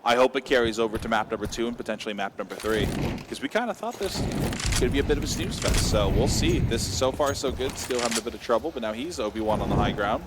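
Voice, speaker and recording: A man casting a live esports match, joking around and getting excited on big plays. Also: mid-range voice, quick pace, very noisy. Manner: jokey, rises to excited calls on big plays. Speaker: esports caster. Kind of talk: live play-by-play commentary. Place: live event venue with crowd.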